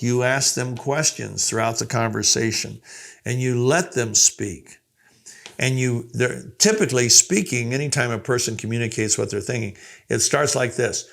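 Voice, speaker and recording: A man's voice: medium pitch, gravelly, fairly bright tone. An older man giving a conversational lesson on communication as a coach, acting out short quoted lines as he teaches. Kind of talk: teaching talk to a group.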